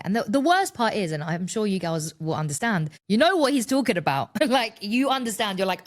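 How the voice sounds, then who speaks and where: A woman's voice: mid-range voice, lively intonation, brisk. A woman in her thirties hosting a solo podcast, talking candidly and expressively, with plenty of swearing as she tells her story. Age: 30s. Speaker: podcast host. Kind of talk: casual solo podcast monologue.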